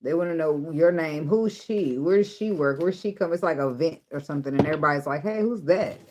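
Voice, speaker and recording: A woman's voice: low-pitched, quick pace, noisy background. A woman giving a casual tarot reading, blunt and profane, often breaking into laughter. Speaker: tarot reader.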